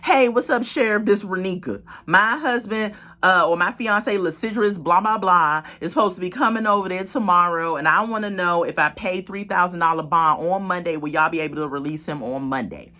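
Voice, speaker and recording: A woman's voice: on the low side, fairly quick, few pauses. A woman casually recapping a reality show episode, talking straight to her viewers and acting out what people said. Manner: animated storytelling, acts out quotes; chatty, laughs, talks to viewers as "y'all" and "girl".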